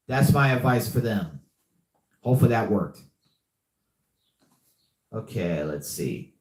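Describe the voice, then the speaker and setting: A man's voice: mid-range voice, expressive, unhurried, long pauses, a little mellow. A man hosting a casual live podcast, rambling and repeating himself with many fillers as he reads the chat. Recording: echoey room.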